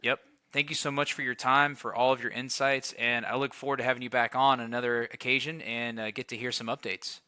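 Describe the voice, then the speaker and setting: A male interview host with a very bright, crisp voice and a flat, even delivery, recorded dry and close. He is polite and formal, thanking his guest in short, measured sentences. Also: medium pitch, no echo. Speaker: podcast host. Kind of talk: interview hosting.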